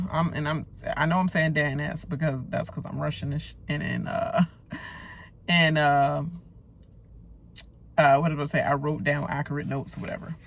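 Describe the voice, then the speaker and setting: A woman's voice: low-pitched, a bit bright. A woman giving a casual, outspoken reaction rant about a reality show, talking loosely with slang and lots of fillers. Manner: blunt, outspoken, heated ranting.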